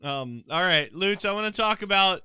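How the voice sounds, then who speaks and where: A man co-hosting a casual sports podcast who rambles, stalls on ums and stammers through restarts. His voice is fairly high, very bright and smooth. It is recorded dry and close to the mic. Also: expressive, normal speed, dry recording. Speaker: podcast co-host.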